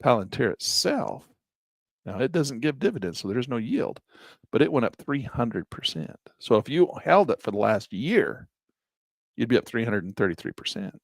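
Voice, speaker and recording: Gravelly, chatty man talking stocks. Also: mid-range voice, very animated, normal speed, no echo. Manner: chatty, folksy, self-amused. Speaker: investing vlogger. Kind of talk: casual screen-share commentary.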